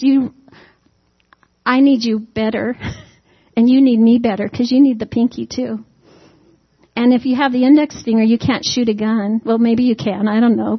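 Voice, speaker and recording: A woman preaching a sermon in a conversational, folksy way, peppering it with rhetorical questions to the congregation and humorous asides. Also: fairly high pitch. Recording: dull lo-fi recording.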